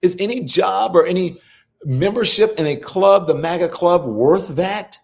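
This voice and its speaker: A man's voice: high-pitched, a little slow, creaky, darkish tone. A middle-aged man hosting a live political commentary show, scolding and incredulous, swearing freely as he argues. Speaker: host.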